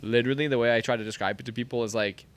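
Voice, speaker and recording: Guy on a podcast telling funny stories, lots of "like", normal pitch. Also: racing. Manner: animated storyteller, heavy use of "like". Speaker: podcast guest, former pro soccer player. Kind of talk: casual storytelling chat.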